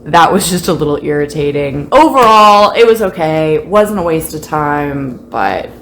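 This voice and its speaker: A woman's voice: low-pitched, moderate pace, a little hiss or hum. Chatty young woman with a lilt. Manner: chatty, expressive, drifts into soft tearful reading. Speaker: book vlogger. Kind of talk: casual reading vlog chat.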